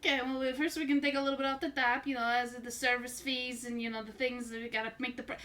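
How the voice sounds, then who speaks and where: A woman voicing a fast-talking male hustler who pitches schemes like a carnival barker, with a bright, high voice over an online call. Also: little pitch movement, natural voice. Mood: wheedling salesman. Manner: carnival-barker sales pitch, repeats "okay?" and "listen".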